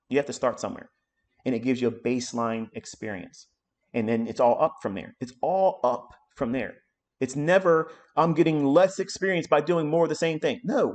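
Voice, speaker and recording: A middle-aged man giving live trading commentary on a stream, ranting hard and swearing often as he talks. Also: mid-range voice. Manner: profane, ranting, emphatic. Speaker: trading mentor.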